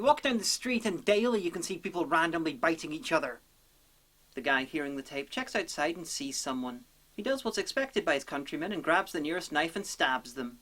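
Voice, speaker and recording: Sarcastic, deadpan woman film reviewer. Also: deep voice, brisk.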